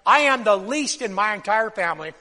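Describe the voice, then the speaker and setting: A man preaching a sermon, swinging from loud bursts to hushed drops and having the congregation repeat phrases after him. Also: high-pitched, lively intonation, a little fast. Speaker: pastor. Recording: long hall reverb.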